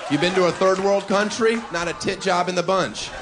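Brash stand-up comic with a laughing crowd. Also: male voice, high-pitched, fairly quick. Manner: brash, mocking delivery with sudden shouts. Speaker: stand-up comedian. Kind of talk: stand-up comedy set. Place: stage before a live audience. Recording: live club recording with crowd noise. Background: audience laughter.

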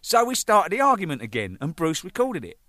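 A man, a band drummer telling anecdotes in an animated way, swearing freely and laughing at his own jokes. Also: high-pitched, brisk, no room sound. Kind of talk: anecdotal storytelling.

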